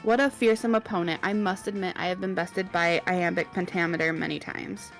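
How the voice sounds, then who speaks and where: A woman's voice: on the low side, fairly even intonation, fairly quick, faint music behind, natural voice. A woman voicing a ruthless, bloodthirsty woman conqueror in a grandiose, gleefully menacing manner.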